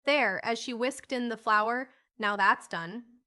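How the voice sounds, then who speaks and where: A woman's voice: a little high, takes it slowly, pushed and bright. A woman voicing a kind, busy older sister who coaxes her siblings in a motherly, sometimes flustered way in a storybook reading. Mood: coaxing.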